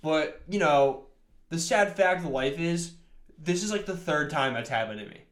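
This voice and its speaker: A young man with a slightly higher voice tells a bar story, swearing freely and breaking into laughter. He restarts sentences constantly and gets carried away. The room around him sounds echoey. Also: animated, normal speed, a bit bright. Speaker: podcast co-host. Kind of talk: casual storytelling chat.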